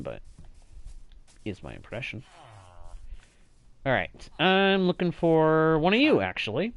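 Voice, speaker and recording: A man's voice: mid-range voice, gravelly. A man with a slightly nasal voice, chatting casually with viewers while live-streaming a game, thanking them often and laughing easily.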